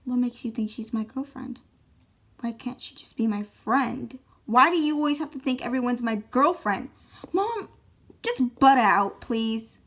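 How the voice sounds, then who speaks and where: A woman's voice: a little high, animated, measured pace, a bit bright, exaggerated voice. A woman voicing an irritated teenage boy in a toy-figure video skit, talking in an exasperated, defensive way. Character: irritated teenage boy, embarrassed by his mom.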